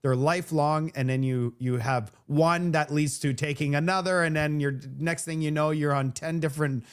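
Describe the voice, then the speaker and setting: A man's voice: on the high side, fairly even intonation, normal speed, clean tone. A man from Canada whose first language is French, hosting a live stream in casual chat, rambling with many restarts and fillers. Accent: Vancouver French-Canadian. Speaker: host of a live show.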